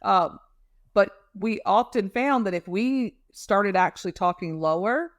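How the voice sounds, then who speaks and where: Calm and unhurried, a woman with a medium-pitched voice explains emotional regulation as an interview guest, leaning on fillers and everyday images in a casual, conversational way. The sound is dry, with no room tone.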